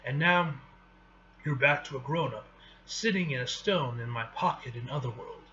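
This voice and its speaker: A man's voice: medium pitch, normal speed, pushed and bright, close to an everyday voice. A man doing a drawling roguish thief. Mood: guarded. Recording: dull lo-fi recording with faint hiss.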